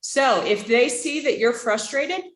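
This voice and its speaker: A woman lectures to a class in a relaxed, talkative way. She keeps the tone friendly and animated and throws questions to the room. The recording carries the echo of a roomy classroom. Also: on the high side, a little slow. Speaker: instructor. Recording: echoey room.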